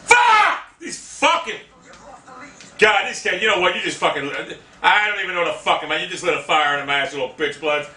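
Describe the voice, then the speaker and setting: A man giving live gameplay commentary, cursing and trash-talking opponents, often bursting into angry shouts. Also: fairly high pitch, fairly even intonation, fast talker, hardly any pauses, reverberant, distant mic, faint music behind.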